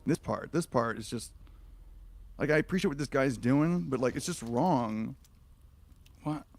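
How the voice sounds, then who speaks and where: A man's voice: medium pitch, animated, unhurried, vocal fry, a little mellow. A man streaming a reaction, ranting in an exasperated, sarcastic, profane way about what he watches.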